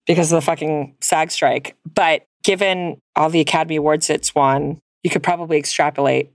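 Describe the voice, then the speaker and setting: A woman co-hosting a podcast in loose, profane chat, her voice sitting fairly low. She laughs often and calls her co-host "girl." The recording is dry and close. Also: fairly even intonation, a little fast, dry recording. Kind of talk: casual chat.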